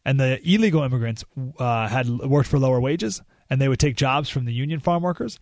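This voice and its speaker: A man hosting a talk radio show, delivering an animated political monologue and often repeating or restarting words. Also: medium pitch, brisk, no echo, studio quality.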